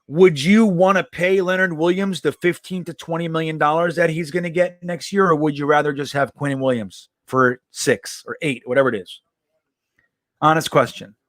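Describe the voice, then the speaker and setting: A man with a high voice hosts a casual live stream, reading out comments and answering them bluntly, swearing freely. The sound is dry and close, with no room around it. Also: steady tone, moderate pace, dry recording. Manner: blunt, profane, reacts to chat.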